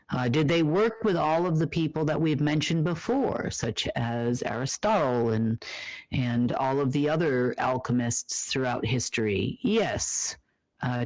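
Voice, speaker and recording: Solo report host: emphatic, self-answering questions, fillers; mid-pitched, dry and dull-sounding recording. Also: darkish tone, no room sound. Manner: asks rhetorical questions and answers them himself. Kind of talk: monologue report.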